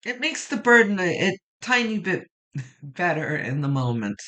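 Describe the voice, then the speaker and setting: This tarot reader's medium-pitched voice is very animated and sharp in tone, yet unhurried. Giving her weekly reading, she rambles reflectively through fillers and restarts, moved nearly to tears.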